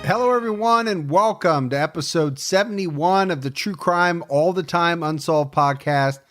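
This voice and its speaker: A man's voice: a little high, fairly bright tone, faint music behind. Chatty male podcast host. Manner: chatty, reads names with quick asides. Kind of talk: casual chat.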